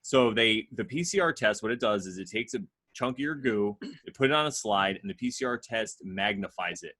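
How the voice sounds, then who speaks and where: A young man co-hosting a loose, joking podcast, with a bright, forward voice. He rambles through explanations and mocks himself as he goes. He grew up in Connecticut. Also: fairly low pitch, animated, a little fast. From Connecticut, USA. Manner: rambling, self-mocking explanations. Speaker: podcast co-host. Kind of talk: casual podcast banter.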